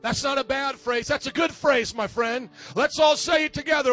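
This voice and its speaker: Very high-voiced man preaching fiery sermon. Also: steady tone, normal speed, hardly any pauses, fairly bright tone, faint music behind. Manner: emphatic, calls out for congregation responses. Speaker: pastor. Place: church service before a congregation.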